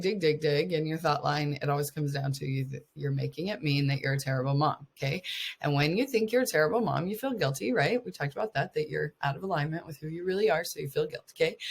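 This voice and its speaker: Husky low-voiced woman life coach. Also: a little fast. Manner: earnest, encouraging, laughs often. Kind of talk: casual coaching talk to mothers.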